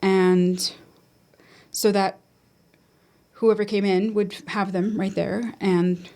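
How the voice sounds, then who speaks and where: A woman as a podcast guest, candidly recounting a personal story in a halting way, with many restarts and quoted self-talk. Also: mid-range voice, little pitch movement, dark tone.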